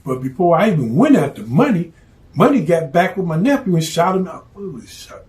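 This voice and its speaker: A blunt, streetwise man recounting a story in plain, profane talk. His voice sits a touch higher than most men's, and he keeps it casual and direct. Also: big pitch swings, brisk, a little mellow, slight background noise.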